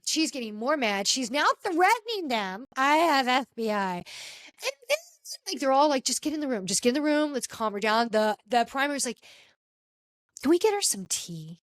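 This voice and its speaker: A woman hosting a casual podcast, telling a story with lively acted-out quotes from the people in it. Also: normal speed, no room sound. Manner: animated storyteller, acts out quotes with pitch jumps. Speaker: podcast host. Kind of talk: casual chat recapping a reality show.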